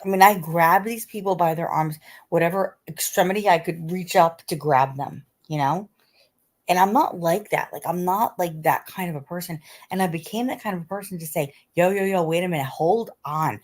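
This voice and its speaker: A woman's voice: fairly low pitch, normal speed. A middle-aged woman hosting a casual live stream, talking in a chatty way, repeating herself and reading out viewer comments. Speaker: livestream host.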